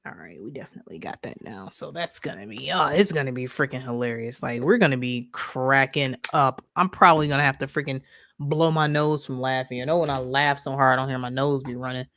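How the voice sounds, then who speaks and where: A woman from Detroit hosting a casual livestream, reading viewer comments aloud in a playful, animated way and laughing often. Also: very deep voice, fairly quick, no echo. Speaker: livestream host.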